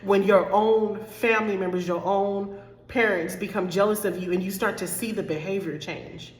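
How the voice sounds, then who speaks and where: A woman's voice: mid-range voice, fairly even intonation, normal speed, a little hiss or hum. A woman life coach talking candidly to her followers, choked up and close to tears, repeating herself and calling her viewers y'all. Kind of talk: direct-to-camera talk to followers. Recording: echoey room with long reverb.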